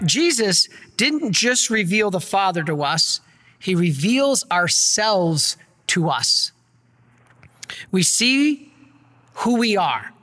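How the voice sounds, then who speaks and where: Man, priest, earnest sermon, very high voice, long hall reverb. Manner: earnest, energetic preaching, gets worked up. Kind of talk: sermon with slides.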